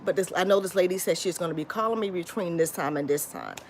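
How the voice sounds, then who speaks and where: A woman from Florida, sounding tired, chats to viewers in a lively, rambling storytime, addressing them as y'all and often starting over. She talks fast in a voice on the low side, and there's a little hiss or hum.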